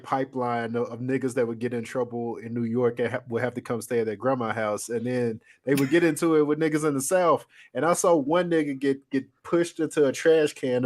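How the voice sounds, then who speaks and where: A man's voice: medium pitch, steady tone, a little fast, few pauses. Wry man telling a story. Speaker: podcast co-host. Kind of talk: casual chat.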